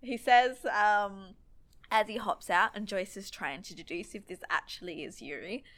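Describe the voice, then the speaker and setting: A woman co-hosting a casual recap podcast, chatty and quick to laugh. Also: mid-range voice, a bit bright. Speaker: podcast co-host.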